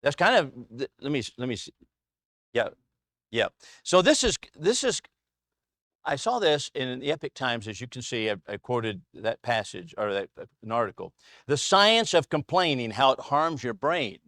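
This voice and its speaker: A man's voice: mid-range voice, expressive, normal speed, a bit bright, no echo, clean studio sound. A man teaching a casual Bible class to a small group in a church classroom, chatty and anecdotal, chuckling often.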